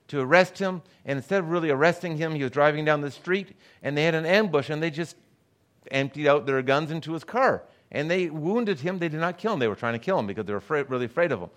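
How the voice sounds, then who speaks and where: A man's voice: fairly high pitch, expressive, fairly quick, fairly bright tone. A middle-aged man preaching a sermon as a guest pastor, telling stories and acting out the people he quotes. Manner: storytelling, acts out the voices of people he quotes.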